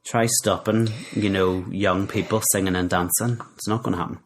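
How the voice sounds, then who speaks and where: A man's voice: sits low, steady tone, moderate pace, slight background noise. A man co-hosting a podcast in casual chat, chatty and full of tag questions, coughing and spluttering now and then. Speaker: podcast co-host.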